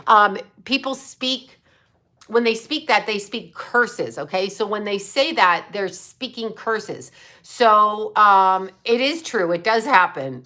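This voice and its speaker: A woman's voice: medium pitch, bright, forceful tone. Blunt, profane woman livestreamer. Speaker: psychic livestream host. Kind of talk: livestream chat reading super chats.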